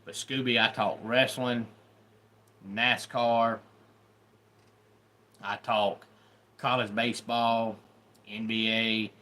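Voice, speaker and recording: A man's voice: medium pitch, flat delivery, takes it slowly, pauses often, bright, forceful tone. A middle-aged man with a Southern drawl, hosting a casual livestream, giving blunt opinions and greeting viewers by name. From Deep South of the US. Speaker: YouTube host.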